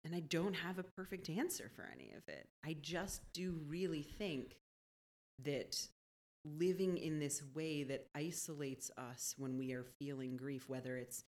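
Low-voiced woman thinking aloud. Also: normal speed, darkish tone. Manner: thoughtful, keeps checking in with "right?". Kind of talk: conversational podcast chat.

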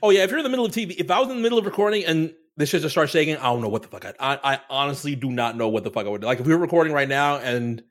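A man's voice: fairly high pitch, very fast, hardly any pauses. A man from Florida co-hosting a podcast, telling a story in casual chat, swearing and acting out his own reactions. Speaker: podcast co-host.

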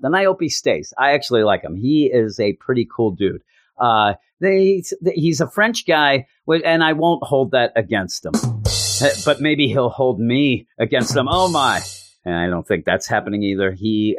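A man's voice: mid-range voice, dry recording, studio quality. A man hosting a podcast, chatting casually through a comic review in a rambling, self-mocking way.

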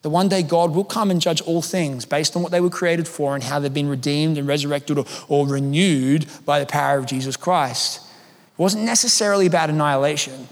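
A pastor preaches with animated, emphatic energy, slipping into casual asides to his congregation. His voice sits fairly high for a man. The sound carries the long reverb of a large church hall. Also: a little fast. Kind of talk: sermon.

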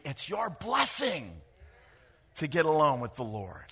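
A middle-aged man preaching a sermon, lively and joking, with quick asides to the congregation. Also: sits high. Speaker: pastor.

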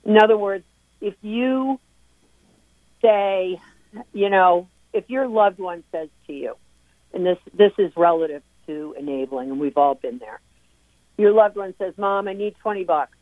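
A woman's voice: fairly low pitch, unhurried, long pauses, no room sound. A middle-aged woman, a parent speaking as an interview guest, talking earnestly and emphatically with frequent restarts. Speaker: guest, parent of a recovering addict. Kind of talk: interview talk. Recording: tinny dry phone line.

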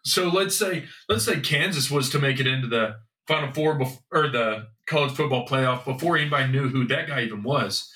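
A man's voice: medium pitch, brisk, bright, forceful tone. A man co-hosting a podcast in casual sports chat, loose and rambling, now and then swearing. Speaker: podcast co-host. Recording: echoey room, mic at a distance.

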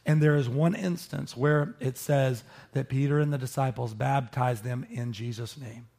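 A man preaching a sermon, teaching with animated emphasis and joking with his listeners. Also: medium pitch, normal speed, creaky. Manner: animated, rises sharply for emphasis, jokes with listeners. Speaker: pastor.

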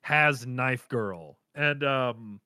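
A man co-hosting a casual chat, animated and laughing often as he acts out characters' lines. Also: mid-range voice, drawn-out words, clean tone, dry recording, studio quality. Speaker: podcast co-host reacting to an anime episode.

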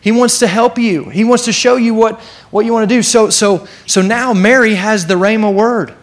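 A man pastor preaching to his church in an animated way, sometimes acting out the voices in the story. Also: high voice, normal speed. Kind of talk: sermon.

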